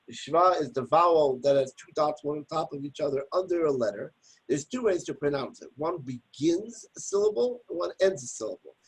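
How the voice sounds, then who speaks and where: In poor audio, a man with a slightly high, husky voice teaches a daily Torah text study. He reads passages in Hebrew, then explains them in plain English, demonstrating pronunciation aloud with examples.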